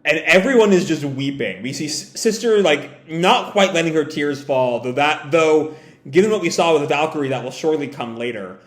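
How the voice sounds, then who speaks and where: Halting man reacting in an echoey room. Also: a little high, expressive, fairly bright tone. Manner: halting, with frequent fillers and self-corrections. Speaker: manga reaction video host. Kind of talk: reading a comic chapter aloud with live reactions. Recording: roomy echo.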